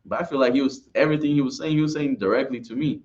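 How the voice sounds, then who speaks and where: A man's voice: mid-range voice, rapid-fire, darkish tone, muffled recording. A man giving an informal religious class talk, rambling and repeating himself, often asking "right?". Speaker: class speaker.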